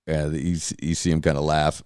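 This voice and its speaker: A man's voice: rumbling low, level tone, fairly quick, darkish tone, clean tone, no echo, clean studio sound. A man hosting a podcast, ranting casually and profanely, rambling with many fillers and restarts. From California. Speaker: podcast host. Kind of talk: casual rant.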